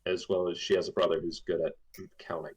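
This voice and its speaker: A man with a rather low voice talks through a casual book-discussion podcast as a co-host. He rambles, trails off into fillers and laughs often. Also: flat delivery, fairly quick, poor audio.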